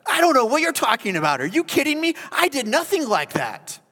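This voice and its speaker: A man's voice: very high-pitched, wildly swooping pitch, fairly quick, pitched above the performer's own voice, heavily acted. A man putting on an indignant, arrogant King David. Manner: shouting, indignant excuses. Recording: long hall reverb.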